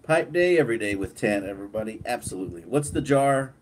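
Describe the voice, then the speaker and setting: A man hosting a casual live stream, relaxed, reading viewer comments aloud and laughing often. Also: mid-range voice, quick pace, poor audio. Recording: clear background noise.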